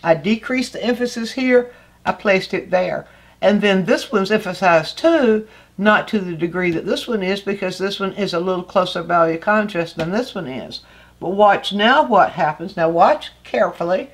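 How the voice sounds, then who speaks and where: A woman's voice: mid-range voice, normal speed. Patient older woman teaching art. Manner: patient and explanatory, with frequent restarts and pointing remarks. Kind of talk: art lesson explaining a painting.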